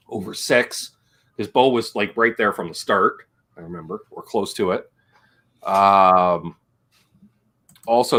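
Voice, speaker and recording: A man's voice: medium pitch, pushed and bright. A man hosting a casual livestream chat, rambling and joking and reading viewer comments aloud as he talks. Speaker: livestream host.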